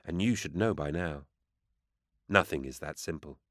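A man voicing a gentle, sorrowful female saint who speaks softly and solemnly. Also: extremely low pitch, normal speed, no room sound, clean studio sound. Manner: soft, hushed and solemn.

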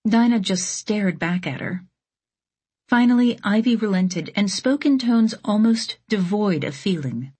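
A woman narrating an audiobook in a steady, measured reading. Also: medium pitch, slightly rough. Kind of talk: scripted narration.

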